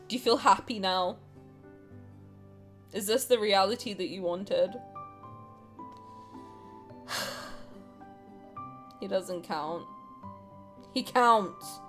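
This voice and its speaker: A woman streamer who reads game text aloud and reacts loudly, swearing and dramatic. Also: mid-range voice, very slow, pauses often, faint music behind. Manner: loud, excitable and swearing, with dramatic outbursts.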